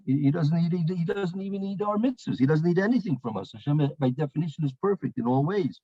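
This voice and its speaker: Male Torah teacher, raised pitch, loose storytelling lecture full of ums and restarts, dead-dry lo-fi sound. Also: lively intonation, fast, warm tone, slightly rough, no echo. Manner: storytelling, repeats phrases, many fillers and restarts. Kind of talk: weekly Torah portion lecture.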